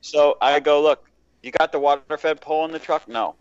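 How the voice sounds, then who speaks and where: A man telling a rough-edged work story in casual podcast chat, swearing as he goes. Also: fairly high pitch, a little fast, no echo, highs cut off. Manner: profane, animated storytelling.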